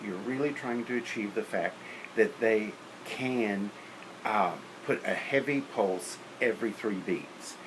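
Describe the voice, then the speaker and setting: A man's voice: on the low side, takes it slowly, background noise. A man lecturing on teaching beginner band, practical and opinionated, counting and singing rhythms aloud. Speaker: music teacher.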